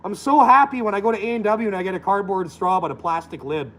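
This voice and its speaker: In poor audio, a high-voiced, animated man speaks at a quick pace. He's from Alberta, Canada, delivering a combative, blunt and loosely structured profane rant, swearing freely throughout.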